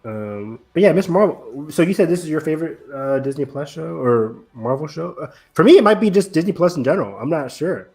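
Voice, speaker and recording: A man's voice: on the high side, lively intonation, brisk, hardly any pauses, a little mellow. A man co-hosting a podcast in casual chat, rambling enthusiastically and loosely, with plenty of fillers. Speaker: podcast co-host.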